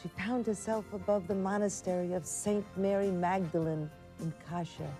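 A woman narrating a devotional documentary in a gentle, reverent way. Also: mid-range voice, fairly even intonation, normal speed, soft background music.

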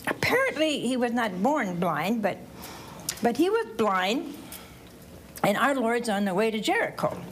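Animated woman preacher with a twang. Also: a little high, a little slow, long pauses, a little hiss or hum. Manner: animated, asks the audience questions, acts out voices. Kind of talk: storytelling sermon to children and families.

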